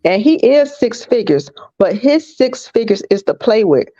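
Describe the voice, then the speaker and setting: A woman's voice: fairly high pitch, sing-song, a little slow, warm tone, dry recording. A woman giving blunt opinions in a casual panel debate. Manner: blunt, laughs between points. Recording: dull lo-fi online audio.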